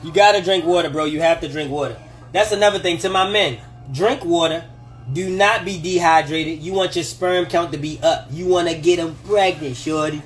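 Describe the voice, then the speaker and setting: A high-voiced man livestreams casually from his home kitchen at a moderate pace, faint music behind him, dispensing relationship advice. Animated and foul-mouthed, he laughs often and acts out the voices of others.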